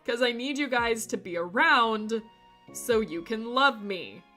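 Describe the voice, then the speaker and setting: A woman's voice: fairly high pitch, expressive, unhurried, pushed and bright, faint music behind. A woman streamer chatting casually with her live chat, playful and rambling, laughing often between remarks.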